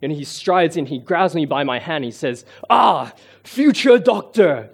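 A man, giving a sermon in an earnest, self-deprecating way, often pausing with fillers. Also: a little high, slightly rough. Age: 20s. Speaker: lay preacher.

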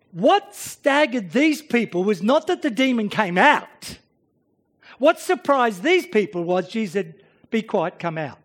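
A man's voice: extremely high pitch, sing-song, measured pace, a bit bright. A man preaching a sermon, working through a Bible passage and often restarting his phrases as he acts out the voices he quotes.

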